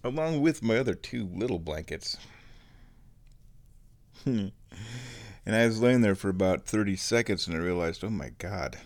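A man with a fairly low voice talks straight to his audience in a loose, rambling vlog. He tells small everyday stories at an easy, meandering pace. Little asides and chuckles drift through his talk. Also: lively intonation, unhurried, long pauses. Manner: chatty, meandering storytelling with laughs and sighs. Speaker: vlogger.

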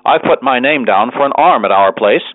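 A man doing a blunt young student, offhand and matter-of-fact, with a lively lilt to the voice. The sound is thin and phone-like. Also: mid-range voice, normal speed, no echo, close to an everyday voice. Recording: dry, phone-like narrow sound.

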